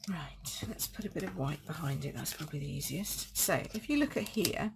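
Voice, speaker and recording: A woman's voice: sits low, lively intonation, normal speed, gravelly, noisy background. A woman leading a live card-making demonstration, chatting, thinking aloud and correcting herself as she works. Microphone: desk setup streaming live.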